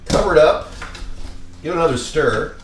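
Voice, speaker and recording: A man giving a casual home cooking demonstration, chatty and tossing in deadpan joking asides as he works at the stove. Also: fairly high pitch, moderate pace, background noise. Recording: kitchen clatter of pots and pans behind.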